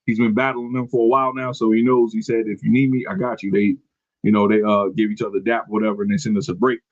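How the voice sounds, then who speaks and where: A man's voice: on the low side, little pitch movement, fast, dry recording, highs cut off. A man hosting a podcast, recapping casually from his notes, rambling and correcting himself as he goes. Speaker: podcast host. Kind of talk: casual wrestling recap chat.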